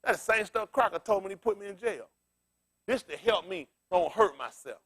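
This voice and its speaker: High animated male preacher with AAVE. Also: brisk. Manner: loud, animated street preaching, laughing asides. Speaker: pastor. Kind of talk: loose preaching to a congregation.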